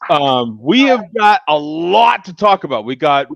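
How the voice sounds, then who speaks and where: A man's voice: a little high, sing-song, a little slow, vocal fry, fairly bright tone, dry recording. A man hosting a casual beer chat show, talking loosely and chuckling as he rambles. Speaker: host.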